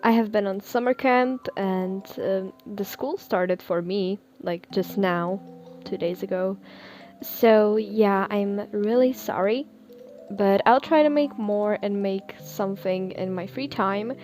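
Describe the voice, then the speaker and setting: A young woman reading her own fan fiction aloud, soft-spoken and a little giggly. Her pitch sits in the middle range, and faint music plays under her voice. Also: slow.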